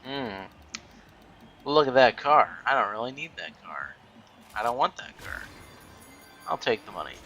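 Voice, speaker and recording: A man's voice: mid-range voice, very animated, measured pace, long pauses, bright, forceful tone, soft background music, rough recording. A man giving casual, rambling commentary while playing a racing game, full of ums and restarts. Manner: rambling, many fillers and restarts. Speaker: gaming YouTuber.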